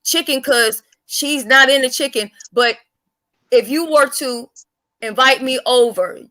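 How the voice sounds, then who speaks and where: A woman hosting a casual live-stream chat, blunt, profane and animated. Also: sits high, measured pace. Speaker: livestream host.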